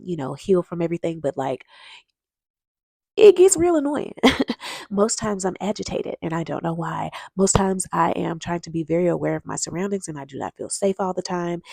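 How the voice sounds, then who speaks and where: A vlogger with a low-ish, creaky, darkish voice, recorded dry, talks straight to her viewers in casual advice to camera. She's chatty and emphatic, calls them y'all, tells stories and urges them to act.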